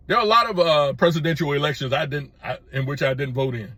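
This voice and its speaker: Fast and forceful, a middle-aged YouTube channel host delivers an emphatic opinion monologue, repeating phrases and restarting with stammered false starts. His fairly high voice is expressive and bright, with no echo.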